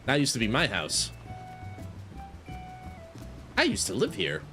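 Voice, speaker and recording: A man's voice: medium pitch, wildly swooping pitch, unhurried, long pauses, pushed and bright, faint music behind. A man chatting casually to his viewers while streaming a game, rambling and correcting himself as he goes. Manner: rambling, self-correcting, talks to chat. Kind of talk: casual gaming stream chat.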